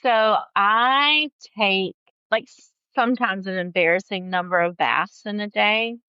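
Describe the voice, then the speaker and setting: A woman talking casually as a podcast guest, chatty and quick to laugh, with lots of "like" in her speech. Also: mid-range voice, smooth, no room sound, dull audio. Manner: chatty, laughs often, fillers like "like". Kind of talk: casual chat.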